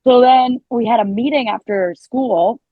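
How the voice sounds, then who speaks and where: A woman's voice: on the high side, measured pace, no room sound, phone-quality sound. Chatty woman telling a story. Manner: animated storytelling, quotes herself, laughs often. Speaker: guest, country musician and teacher. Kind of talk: casual podcast chat.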